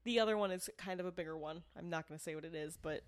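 A woman with a fairly low voice co-hosts a casual true-crime podcast. She talks bluntly and indignantly, swears freely and laughs often. The sound is dry and close, with no room around her. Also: very fast, dry recording. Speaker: podcast co-host. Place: not from the area where the show is made.

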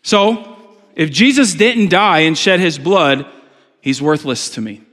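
A male pastor preaching to his congregation in a relaxed, conversational way, breaking in with jokes and swinging from loud emphatic lines to quiet asides. His voice sits a bit higher than most men's. The sound carries a long reverb from a large church room. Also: takes it slowly. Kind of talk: sermon. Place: church sanctuary.

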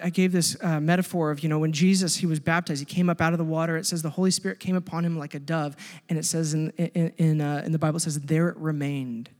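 A male pastor preaching a sermon, impassioned, swinging between loud pleading and hushed intensity. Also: on the high side, big-room sound.

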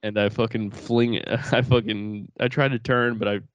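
A man's voice: fairly low pitch, little pitch movement, moderate pace, lo-fi sound. A young man co-hosting a podcast, rambling through profane family stories and laughing as he talks. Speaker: podcast co-host. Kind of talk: casual chat.

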